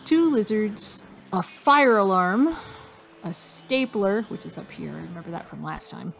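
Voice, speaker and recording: A woman talks her way through a hidden object game, reading out what she's hunting for and cracking little jokes to herself. Her voice has a gravelly, creaky edge, and faint music plays behind her. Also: medium pitch, lively intonation, measured pace. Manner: chatty, reads item lists aloud, jokes to herself. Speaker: game streamer. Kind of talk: casual gameplay commentary.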